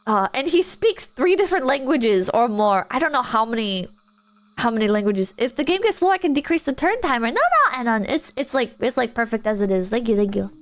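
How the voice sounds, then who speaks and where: A woman's voice: a little high, big pitch swings, a little fast, slight background noise. A woman streamer chatting casually while gaming, telling a rambling story full of "like" and restarts.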